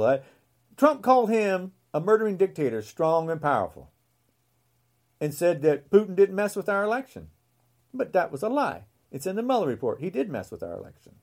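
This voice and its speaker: A solo podcast host delivers a mocking rant, piling up repeated taunts and name-calling. The pitch swings widely from high to low, giving the talk an animated, sing-song edge.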